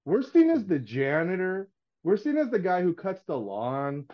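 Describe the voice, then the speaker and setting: Middle-aged male podcast guest, earnest rambler with a raised pitch, recorded on dull lo-fi audio. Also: huge pitch swings, normal speed. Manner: earnest, rambling with frequent restarts. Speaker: painting contractor guest. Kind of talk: casual podcast chat.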